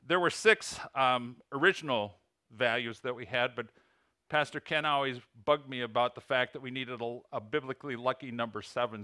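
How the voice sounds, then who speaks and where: A man with an Illinois accent delivers a church sermon as a visiting ministry coach. His voice is bright and forceful, and he earnestly works through lists and figures. The sound is dry and close, with hardly any room echo. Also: mid-range voice. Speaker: ministry coach, guest preacher. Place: church sanctuary.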